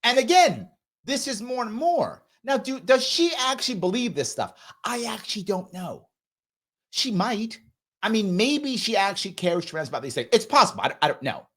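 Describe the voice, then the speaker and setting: A man's voice: sits high, sing-song, moderate pace, fairly bright tone. A man hosting a live commentary show, reading viewer chat in a sarcastic, mocking way.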